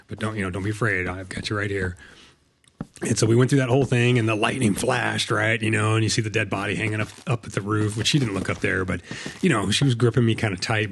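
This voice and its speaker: A middle-aged man telling a long personal story in a casual, rambling way while playing a game, with many fillers and restarts. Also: lowish voice. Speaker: Minecraft let's play host.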